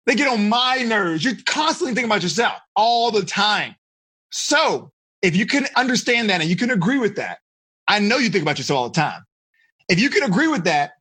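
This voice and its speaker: A man teaching teenagers as a life coach, animated and teasing, calling on listeners by name. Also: very high-pitched, breathy edge. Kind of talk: interactive coaching talk to teenagers.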